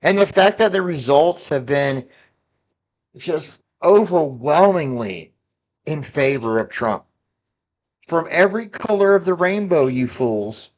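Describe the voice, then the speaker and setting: A man's voice: fairly high pitch, expressive, slow pace. A man in his forties ranting about politics, heated and profane, scolding his listeners. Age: 40s. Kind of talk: angry political rant to camera.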